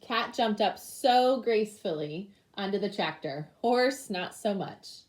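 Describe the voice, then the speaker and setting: A young woman teacher reading a picture book aloud to her class, with lively animal sounds. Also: medium pitch, measured pace.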